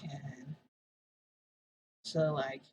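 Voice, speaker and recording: A woman's voice: a bass voice, little pitch movement, extremely slow, darkish tone, a little hiss or hum, poor audio. A woman vlogger telling a personal story in a casual, rambling way, filling her sentences with "like". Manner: rambling, heavy use of "like" fillers.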